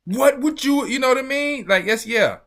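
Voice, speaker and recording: Lively high-voiced man reacting to clips. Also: moderate pace. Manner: animated, laughing, preacher-like asides. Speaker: online show host reacting to clips. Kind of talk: casual commentary over video clips.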